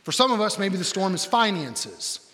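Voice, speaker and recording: Guy preaching in a church, bright sharp voice, chatty, lots of "like", long echoey reverb. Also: sits high, big pitch swings, normal speed. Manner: conversational, lots of "like", dramatic drops to quiet. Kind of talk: sermon.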